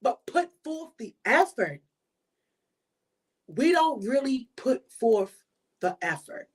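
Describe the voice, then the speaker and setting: A woman's voice: high voice, sing-song, slow pace, husky. Emphatic woman podcast host, preaching. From Baltimore. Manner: preachy, emphatic, repeats points. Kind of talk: motivational monologue.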